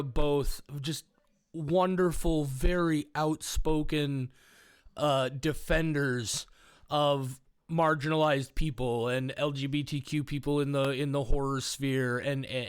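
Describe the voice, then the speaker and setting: A man co-hosting a horror podcast in casual chat, swearing freely and ranting in an animated way. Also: on the high side, clear, resonant tone, dry recording, clean studio sound. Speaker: podcast co-host.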